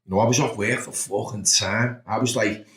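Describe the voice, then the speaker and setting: A man's voice: fairly low pitch, fairly even intonation, normal speed, fairly bright tone. A man in his thirties with a Liverpool accent, telling blunt, sweary stories about his past as a podcast guest. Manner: blunt and sweary, with frequent "do you know what I mean". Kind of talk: candid storytelling. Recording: roomy echo.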